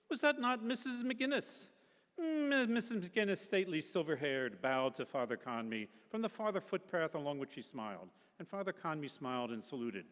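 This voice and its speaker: His voice sits on the high side as he reads a novel aloud to a public literary festival crowd, full of character and shifting tones for narrator and characters alike. A long reverb tail follows his words.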